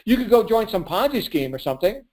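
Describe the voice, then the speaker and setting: Coaching a call with a motivational sales pep talk, this man is punchy and preachy, laughing frequently and answering his own questions. He has a high, sing-song voice that moves fast with a slightly mellow tone.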